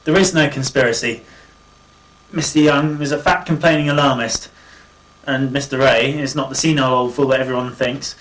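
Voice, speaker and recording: An actor playing a self-assured suitor who talks in a confident, dismissive way. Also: male voice, mid-range voice, fairly even intonation, moderate pace, a bit bright, natural voice. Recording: distant, hissy VHS audio.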